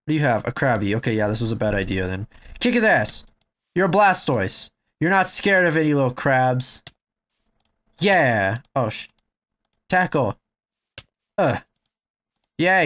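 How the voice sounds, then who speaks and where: Young male gamer, lively swinging pitch, unhurried baseline, bursts into shouts and curses at the game. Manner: excitable, shouting and swearing at the game. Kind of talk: let's play commentary.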